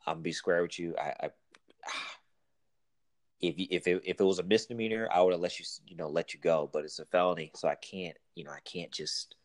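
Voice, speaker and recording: Very deep-voiced man, dry sound. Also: steady tone, no echo. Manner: halting, reflective, with restarts. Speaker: police officer guest. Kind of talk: casual chat.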